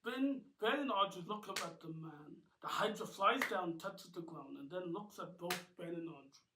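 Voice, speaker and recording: A man reads a homemade cartoon narration in a halting way, often restarting. His voice sits fairly high. He is distant from the mic in an echoey room with noise behind. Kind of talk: amateur cartoon narration read aloud.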